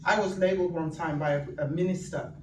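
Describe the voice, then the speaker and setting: A woman, giving an animated, humorous storytelling speech to an audience. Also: lowish voice, quick pace. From northern England. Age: 60s. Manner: animated, humorous, acts out quoted voices. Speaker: guest speaker. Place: event venue room. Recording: echoey room, distant mic, audience noise.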